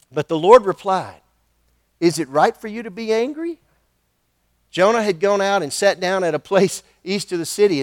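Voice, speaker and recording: High-voiced, lively male preacher. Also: no echo, studio quality. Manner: animated, conversational asides and questions to the congregation. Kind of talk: sermon.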